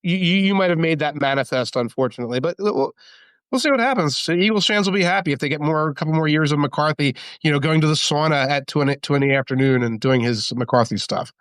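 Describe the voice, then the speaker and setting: A man talking football as a podcast guest, rambling and animated, full of asides. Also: on the high side, fast, smooth, no room sound. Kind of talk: casual sports talk.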